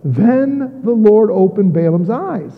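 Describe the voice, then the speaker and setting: A high-pitched man preaches in a relaxed, conversational manner and drops wry jokes between points. His voice comes through thin and phone-like, with a long reverb trailing off the walls of a big hall. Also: slow pace. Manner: conversational with joking asides. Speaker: pastor. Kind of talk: sermon.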